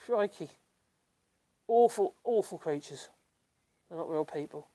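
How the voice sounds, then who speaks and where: An older man with a Norfolk accent, hosting a casual livestream and reading chat comments in a rambling, halting way full of ums and laughs. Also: sits high, animated, dark tone. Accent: Norfolk English. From Norfolk, England.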